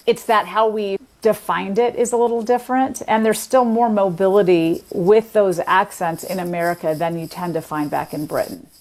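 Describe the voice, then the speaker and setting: A woman guest explains in measured, thoughtful sentences, like an expert unpacking a topic in conversation. She pauses now and then with small fillers but keeps an even, mid-range voice throughout. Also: medium pitch. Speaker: linguist guest.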